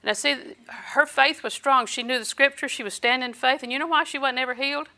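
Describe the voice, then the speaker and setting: A woman's voice: sits high, fairly even intonation, fairly quick, pushed and bright. An older woman minister preaching a sermon, telling personal stories with quoted dialogue and occasional laughter.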